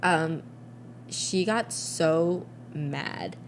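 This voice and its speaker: Drawing out her words in a low voice, this young podcast co-host tells meandering stories full of fillers and false starts. The casual chat has a little hiss or hum in the recording.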